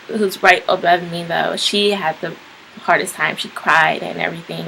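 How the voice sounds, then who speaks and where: A woman's voice: on the low side, creaky, fairly bright tone, a little hiss or hum, poor audio. A young woman casually telling a personal story to camera, rambling with lots of "like" and "um". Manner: rambling, frequent "like" and "um" fillers. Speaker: vlogger.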